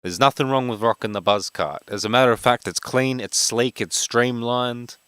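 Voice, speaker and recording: Fast-talking Western Sydney streamer. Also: male voice, mid-range voice, steady tone, a bit bright, smooth, no room sound. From Australia. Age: 20s. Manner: fast-talking, rambling with fillers. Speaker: game streamer. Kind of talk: casual live-stream chat.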